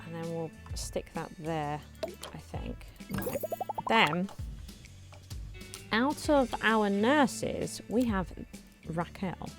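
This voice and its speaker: A woman hosting a let's play, chatting casually and thinking aloud as she builds, her voice slightly hoarse. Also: mid-range voice, lively intonation, very slow, over music. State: slightly hoarse, clearing throat. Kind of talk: casual gameplay commentary.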